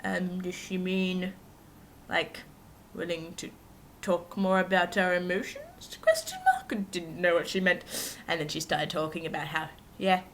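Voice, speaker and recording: Young woman vlogger, slightly low voice, rambling self-mocking storyteller, faint hiss behind. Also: steady tone, unhurried, fairly bright tone. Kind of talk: casual storytelling to camera.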